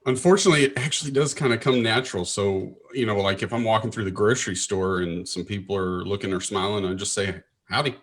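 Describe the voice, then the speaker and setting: A man's voice: on the low side, steady tone, fast talker, few pauses. A man from Texas co-hosting a casual chat, easygoing and playfully baffled at times. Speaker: co-host.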